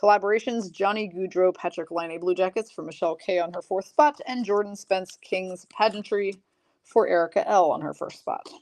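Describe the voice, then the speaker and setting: A woman from Michigan with a mid-range voice and darkish tone hosts a live card break stream. She's chatty and pokes fun at herself, rattling off names quickly.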